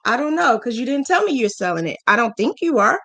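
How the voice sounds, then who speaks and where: Animated, frank woman mentor. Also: fast. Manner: animated storytelling, acting out quoted voices with big pitch jumps; frank, emotional, scolding yet affectionate. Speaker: business mentor and crochet channel host. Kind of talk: live-stream mentoring talk.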